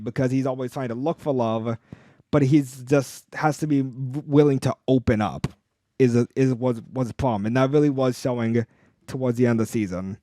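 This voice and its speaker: A man's voice: medium pitch, normal speed, dark tone, no echo, studio quality. A young man co-hosting a casual podcast, talking with enthusiasm, rambling through restarts and fillers. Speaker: podcast co-host.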